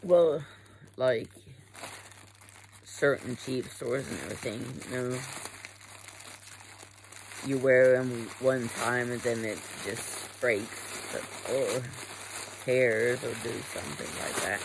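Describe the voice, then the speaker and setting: A woman's voice: very deep voice, slow, creaky, long pauses, slight background noise, poor audio. A young adult woman chatting casually while unboxing a haul. She rambles, swears freely and often trails off mid-sentence. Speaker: vlogger.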